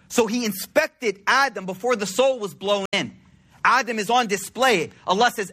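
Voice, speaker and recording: A man's voice: high voice, expressive, moderate pace, pushed and bright. A man giving a religious talk to a congregation in a conversational, slangy storytelling way. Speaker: religious speaker.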